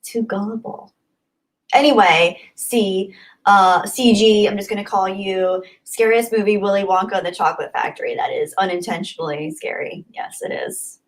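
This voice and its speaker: A woman hosting a casual YouTube livestream reads viewer comments aloud and responds earnestly and thankfully, rambling with lots of fillers. Her voice is medium-pitched and her pace moderate.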